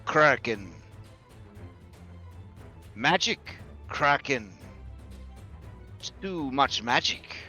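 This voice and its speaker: Brief: man doing a giant protective mother roc, higher and slow, terse clipped words, faint music behind. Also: very animated, pushed and bright, exaggerated voice. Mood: wary. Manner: terse, clipped single-word speech. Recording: slightly dull lo-fi audio. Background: faint background music.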